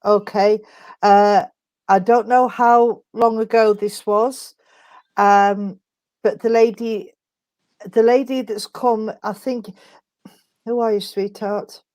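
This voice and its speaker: A middle-aged woman working as a spiritualist medium, giving a gentle, halting reading full of restarts and tender words. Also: medium pitch, fairly even intonation, dry recording. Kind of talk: mediumship reading in an online service.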